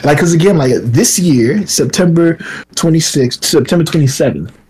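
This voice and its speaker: Husky-voiced man telling an animated story. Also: on the high side, moderate pace. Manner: animated, acts out quoted dialogue, many fillers like "like". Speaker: filmmaker guest. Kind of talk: casual podcast storytelling.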